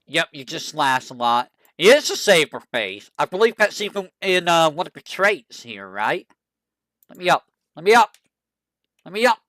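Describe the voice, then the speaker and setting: A VTuber streamer chatting casually, musing aloud, asking itself questions and reading character bios haltingly. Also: mid-range voice, sing-song, a bit bright, no room sound. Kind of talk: casual stream chat, browsing game characters.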